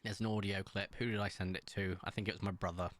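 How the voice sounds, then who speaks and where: A man chatting casually to viewers while streaming, excitable and rambling, with sudden jumps up in pitch. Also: fast, no room sound. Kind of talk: casual live-stream chat.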